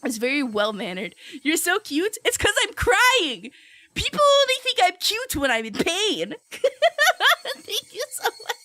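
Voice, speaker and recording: A young woman streamer chatting casually with her viewers, giggly and playful, loudly reacting to chat. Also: very high voice, wildly swooping pitch, normal speed, dry recording.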